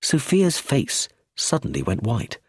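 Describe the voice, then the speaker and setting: A man reading a novel aloud as an audiobook narrator, in an expressive scripted way. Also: medium pitch, measured pace, slightly rough, no room sound, clean studio sound.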